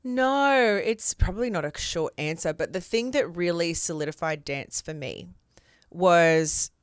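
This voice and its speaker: Guest: Australian woman, open and expressive, chatty fillers, smooth tone. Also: fairly low pitch, measured pace, no echo, studio quality. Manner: expressive, candid storyteller with casual fillers. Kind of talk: casual interview chat.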